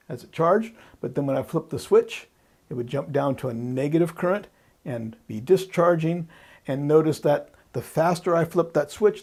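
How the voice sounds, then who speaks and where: A man's voice: a little high, darkish tone, husky. A man teaching electronics, explaining step by step while he draws, patiently repeating the key points and thinking aloud. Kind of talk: explaining while drawing on a board.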